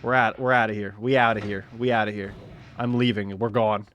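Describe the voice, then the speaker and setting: A man's voice: lowish voice, fairly even intonation, a little fast, fairly bright tone, slight background noise. A man streaming a game, chatting casually, joking and swearing, with sudden yelps. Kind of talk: casual gaming stream commentary.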